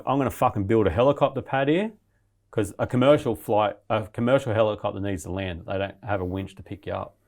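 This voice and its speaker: Man, podcast guest, lowish voice, casual swearing, rambling story. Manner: swears constantly, restless retelling of his ordeal.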